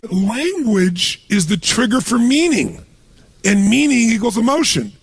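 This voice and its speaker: A man giving a motivational seminar talk to a live audience, telling stories with punchy, animated emphasis and a gravelly, raspy voice. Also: extremely high pitch, unhurried, dry recording. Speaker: motivational speaker.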